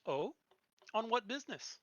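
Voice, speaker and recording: A game master voicing a courteous male patrol leader who speaks gently and formally. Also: medium pitch, big pitch swings, normal speed, no echo, muffled recording, voice pushed up, natural voice.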